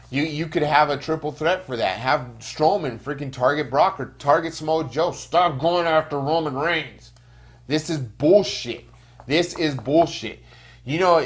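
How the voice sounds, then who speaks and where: Male podcast host, casual chat, blunt profane rants, stumbles on restarts. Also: medium pitch.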